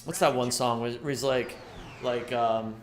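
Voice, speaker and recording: While doing a speedrun on a live stream, a man chats loosely with viewers, greeting them by name and rambling between thoughts. His voice is mid-range and a little slow.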